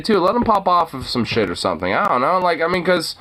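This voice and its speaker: A man with a bright, sharp-edged voice hosts an informal talk, griping at length. He swears freely and rambles through constant fillers. His delivery stays loose and unscripted. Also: a little high, sing-song, quick pace. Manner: profane, rambling, filler-heavy. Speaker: host. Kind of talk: casual ranting commentary. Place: lives in Portland.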